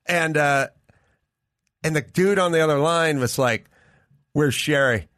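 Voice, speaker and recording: A middle-aged man tells a story with a comedian's timing, acting out each voice as he goes. His tone is bright and forceful. The mic is close and dry, with no room sound. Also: a little high, a little slow, dry recording. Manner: animated, acts out voices in his stories. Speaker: guest comedian. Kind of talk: casual storytelling chat. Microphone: studio mic over remote link.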